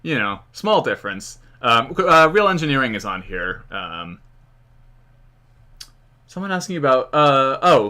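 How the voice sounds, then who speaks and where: An American man rambles through a relaxed live-stream Q&A, leaning on fillers and small chuckles. His voice is bright and forward, with a smooth, clean tone. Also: medium pitch, measured pace, pauses often. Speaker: history channel host. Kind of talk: casual live-stream Q&A chat.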